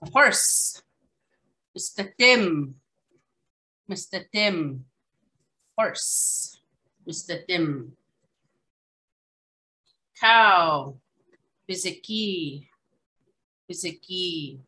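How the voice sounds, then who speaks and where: A woman teaching a language lesson over a video call, repeating each word slowly and adding casual asides. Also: lowish voice, expressive, sharp tone, rough recording.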